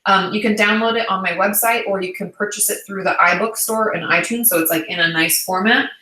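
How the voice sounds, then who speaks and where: Woman in her thirties, therapist hosting a chatty livestream; bright voice, roomy echo, loose and reassuring. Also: medium pitch, steady tone, a little fast. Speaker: therapist and channel host. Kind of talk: casual livestream chat answering viewer questions.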